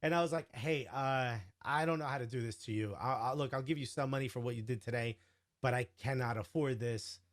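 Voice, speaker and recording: A man guest telling an animated, casual story, full of "like" and "you know", acting out the quoted dialogue. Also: medium pitch, a little fast. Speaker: podcast guest.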